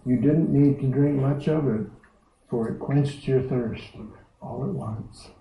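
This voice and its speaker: Slow-speaking preacher in an echoey hall. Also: male voice, medium pitch, creaky, dark tone. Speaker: pastor. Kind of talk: sermon. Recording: echoey hall, distant dull mic.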